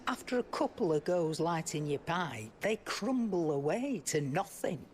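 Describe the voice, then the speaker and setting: A woman's voice: fairly low pitch, lively intonation, measured pace, slight background noise. An actress playing a seasoned woman trader with a British accent, dry and wry, in video game voice acting.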